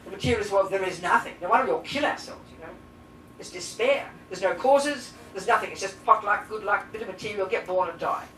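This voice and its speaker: A woman teaching as a Buddhist nun to a live class, blunt and lively, firing rhetorical questions at her listeners. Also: mid-range voice, a little fast. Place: teaching room with audience. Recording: roomy echo, distant mic, faint hiss.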